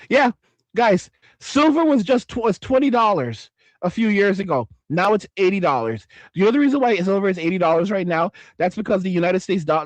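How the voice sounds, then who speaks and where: A profane male livestream host from New York, with a high voice, chats casually while reading comments. He rambles and repeats himself for emphasis, and the recording is dry.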